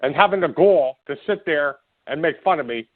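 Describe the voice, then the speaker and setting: A man's voice: on the high side, expressive, moderate pace, heavy background noise. A man hosting his own podcast, ranting furiously and hurling insults in a rambling, stumbling way. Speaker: podcast host. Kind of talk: angry ranting monologue. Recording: dry, phone-like lo-fi sound.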